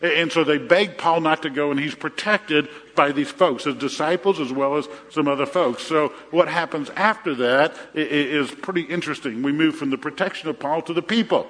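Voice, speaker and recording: A man's voice: on the high side, brisk, hardly any pauses, fairly bright tone. A middle-aged man preaching a sermon as a pastor, conversational, often repeating his phrases and telling jokes. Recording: reverberant hall.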